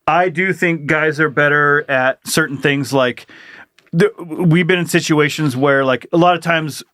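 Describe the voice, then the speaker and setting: A middle-aged married man co-hosting a podcast, talking casually in halting, restarting sentences. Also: a little high, fairly bright tone, no echo, clean studio sound. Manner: halting, restarts often, plain-spoken. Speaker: podcast co-host. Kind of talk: casual chat.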